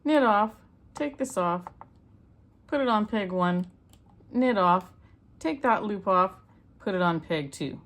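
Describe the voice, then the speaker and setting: A woman's voice: mid-range voice, animated, slow, pauses often. A middle-aged woman from Canada giving a homey, step-by-step loom knitting tutorial as she works. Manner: chatty, homey, talks step by step while working. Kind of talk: hands-on craft tutorial.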